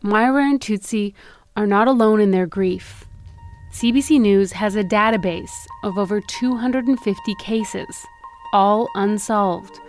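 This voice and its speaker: A woman, an investigative reporter, narrating a documentary podcast in a measured, serious tone. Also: mid-range voice, soft background music.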